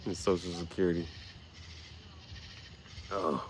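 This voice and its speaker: A man with a fairly low voice rants on his vlog, cursing freely and rambling from point to point. He gets loud and animated as he talks, and a faint hiss of noise sits under his voice. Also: slow pace. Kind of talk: casual ranting vlog. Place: dim room.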